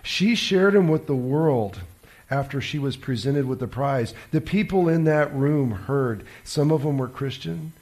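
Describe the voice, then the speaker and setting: A man's voice: medium pitch, expressive, unhurried, a little mellow. A male preacher telling a story in a sermon, with a dramatic, emphatic delivery.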